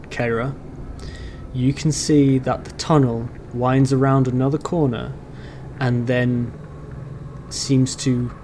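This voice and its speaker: A man narrating as dungeon master in an online tabletop game, describing scenes in a measured way. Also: mid-range voice, a little hiss or hum. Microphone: online voice call.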